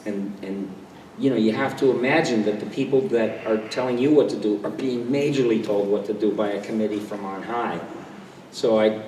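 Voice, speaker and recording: Heard from far off in a big, echoing convention hall with faint crowd noise, an older panel guest with a lowish, slightly mellow voice tells relaxed stories to the audience. He chats easily, pokes fun at himself and slips into quick impressions.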